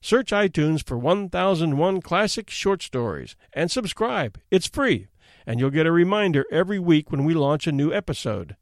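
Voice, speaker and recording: A man who hosts a podcast and narrates a classic short story in an expressive, dramatic storytelling manner. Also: on the high side, normal speed, dry recording, clean studio sound.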